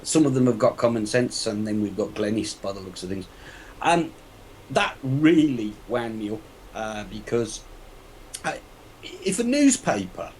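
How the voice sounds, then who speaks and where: A man's voice: mid-range voice, poor audio. A man with a mid-range voice rants bluntly on a casual panel chat. He sounds exasperated, and a faint hum of noise sits under him. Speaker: panel guest.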